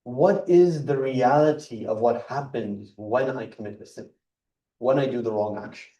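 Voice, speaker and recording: An earnest man gives a religious talk in a mosque hall, and his voice sounds dark and mellow. He explains things word by word and presses each point with emphasis. The sound is echoey and picked up from a distance. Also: mid-range voice, moderate pace, muffled recording. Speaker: speaker at a mosque gathering.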